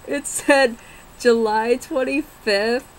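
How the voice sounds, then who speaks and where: Young woman, casual vlog storytelling, unhurried and frank, faint background hiss. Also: fairly high pitch, fairly even intonation, poor audio. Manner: unhurried, rambling, swears and laughs while telling.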